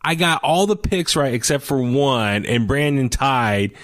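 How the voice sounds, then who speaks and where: A man hosting a casual podcast chat, telling his stories in an animated, talkative way. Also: mid-range voice, measured pace, dry recording, clean studio sound. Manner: animated, chatty storytelling. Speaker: podcast host.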